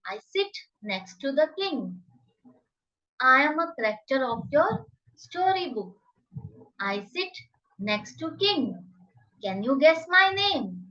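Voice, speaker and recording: A woman teaching a children's phonics lesson, enunciating each word slowly and carefully in a sing-song drill. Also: sits high, pushed and bright, distant mic, muffled recording.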